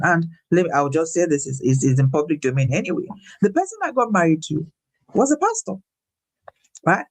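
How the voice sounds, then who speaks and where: A woman shares her faith testimony in an animated, preacherly way. She repeats words when she is emphatic, and her voice leaps upward as she retells a story. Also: lowish voice, fairly quick. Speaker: guest speaker. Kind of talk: faith-based personal testimony.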